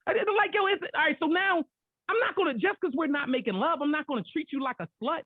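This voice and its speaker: A man's voice: very high-pitched, fast, dry recording. A man hosting a podcast, arguing in a heated casual debate, profane and talking over others. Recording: tinny phone-like sound, dry.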